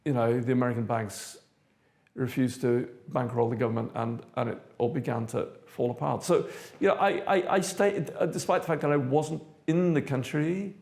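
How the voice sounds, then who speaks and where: An older man from South Africa, an interviewee recounting his past in a measured, thoughtful way with frequent pauses. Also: mid-range voice, gravelly, darkish tone. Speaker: interviewee, theatre director. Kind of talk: reflective personal recollection.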